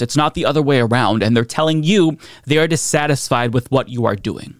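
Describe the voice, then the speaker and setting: A man's voice: mid-range voice, a little fast, hardly any pauses, no room sound, studio quality. A man hosting a political commentary show, talking bluntly and sarcastically with frequent profanity.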